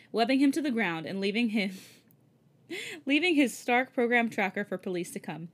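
A podcast co-host reads a fan story aloud in a casual way. Her voice sits a little high, and she often dissolves into giggles mid-sentence before carrying on with the story. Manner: giggly, breaks into laughter while reading. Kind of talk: casual reading with giggling asides.

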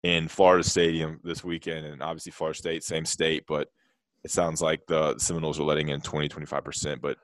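A man in casual sports talk, chatty and quick to jump in. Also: rumbling low, level tone, no room sound. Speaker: sports reporter.

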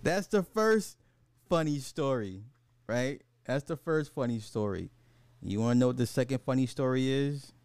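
A man in his forties tells stories in a loose, animated way, cursing and laughing as he acts out the scenes. His voice sits at an ordinary middle pitch. The recording is close and dry, with no room sound. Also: moderate pace, clear, resonant tone, no echo. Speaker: podcast host. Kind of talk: casual storytelling over a live game.

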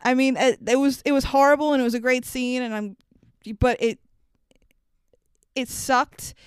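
A woman with a high, very smooth voice talks through a film scene in casual chat. She is animated, curses freely and plays out the quoted lines as she goes. The sound is dry and close. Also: normal speed, no echo.

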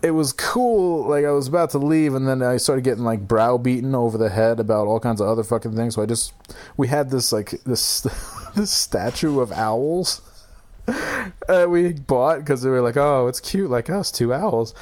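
A man's voice: mid-range voice, normal speed, darkish tone. A man telling a breakup story in casual chat, rambling and swearing, often restarting and laughing.

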